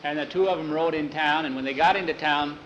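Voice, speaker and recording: Homespun male storyteller, slightly higher voice, faint noise under the recording. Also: fast talker, a bit bright, highs cut off. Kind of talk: told western story with voices.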